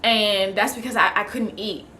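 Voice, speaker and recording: A woman's voice: mid-range voice, moderate pace, sharp tone, a little hiss or hum. A young pregnant woman chatting casually in a vlog, rambling with lots of fillers. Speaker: vlogger.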